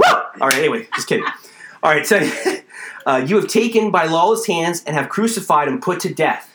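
Male pastor preaching, a bit high-pitched, fervent, reverberant room. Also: a bit bright. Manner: expository preaching, reads scripture then explains, builds to fervor. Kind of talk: sermon.

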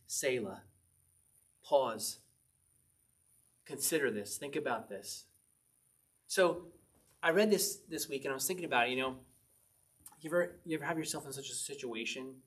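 A man's voice: mid-range voice, fairly bright tone, husky. A man preaching a conversational sermon, reading scripture aloud with emphasis and asking his listeners questions. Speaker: pastor.

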